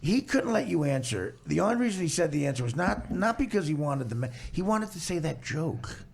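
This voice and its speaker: A man's voice: fairly high pitch, very animated, a little fast, vocal fry, slight background noise. A man hosting a comedy podcast, brash, profane and teasing his guests. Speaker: podcast host. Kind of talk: casual comedic banter.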